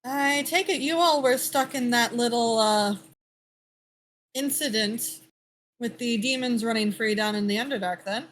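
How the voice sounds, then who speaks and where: A woman running a tabletop game as dungeon master, narrating scenes and speaking for a captain in a measured, amused way. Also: fairly high pitch, fairly bright tone.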